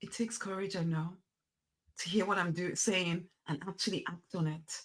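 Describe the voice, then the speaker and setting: A woman's voice: lowish voice, steady tone, moderate pace, poor audio. A woman giving an emphatic, repetitive motivational talk, coaxing her listeners to loosen up. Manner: emphatic, repetitive, coaxing, swings to soft near-whisper. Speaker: motivational speaker.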